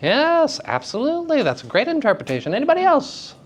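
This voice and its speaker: A man lecturing acting students at a school workshop, animated and playful, leading them in call-and-response drills. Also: very high voice, brisk. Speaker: acting teacher. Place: school theater festival workshop room.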